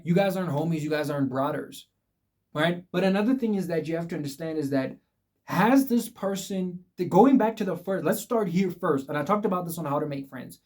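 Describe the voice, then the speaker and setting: A man's voice: fairly high pitch, darkish tone. A young man vlogging life advice straight to his viewers, emphatic and repetitive, calling them guys. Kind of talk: casual direct-to-camera advice talk.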